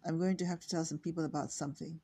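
Terse, brooding middle-aged father, dark flat delivery; older woman reader. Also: low voice, rapid-fire, slightly rough.

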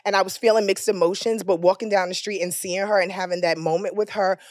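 A woman in her thirties co-hosting a podcast, telling candid stories in casual chat with frequent cursing and loud, high outbursts when she jokes. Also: steady tone, fast talker, no echo, studio quality. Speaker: podcast co-host.

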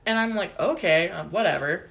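A woman's voice: lowish voice, normal speed, creaky, fairly bright tone. A young adult woman co-hosting a casual chat podcast, telling stories with plenty of swearing and laughter. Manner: storytelling, swears freely, laughs often. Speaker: podcast co-host.

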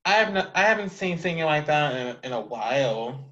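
An interview host with a mid-pitched voice who gushes with praise in casual conversation. The recording sounds dull and lo-fi. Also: lively intonation, a little fast, a bit bright. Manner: effusive, full of praise.

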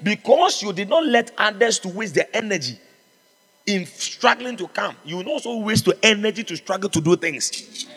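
A man's voice: high voice, expressive, normal speed, fairly bright tone, breathy edge, big-room sound. A man preaching a sermon as pastor, fervent and exhorting, calling out to his congregation. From Ghana.

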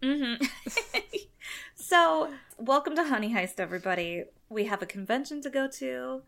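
A woman's voice: sits high, lively intonation, a little slow, creaky, fairly bright tone. A woman hosting a podcast in casual chat, talking things through with many fillers. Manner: chatty, thinks aloud with fillers. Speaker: podcast host.

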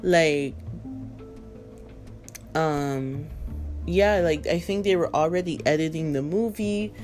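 A woman's voice: low-pitched, slow, darkish tone, faint music behind. A woman chatting casually and emotionally about a film, rambling with lots of fillers. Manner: rambling, filler-heavy, emotional, laughing through tears. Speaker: movie fan vlogger. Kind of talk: casual chat.

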